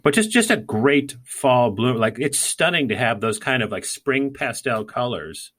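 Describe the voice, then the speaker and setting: Bright-voiced man chatting casually. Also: mid-range voice, lively intonation, a little slow. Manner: rambling, many fillers and restarts. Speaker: podcast co-host. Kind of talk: casual gardening chat.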